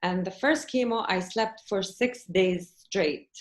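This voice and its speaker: A woman guest on a podcast telling a personal story in lively conversation and acting out the dialogue as she goes. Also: medium pitch, measured pace. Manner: animated, acts out quoted dialogue.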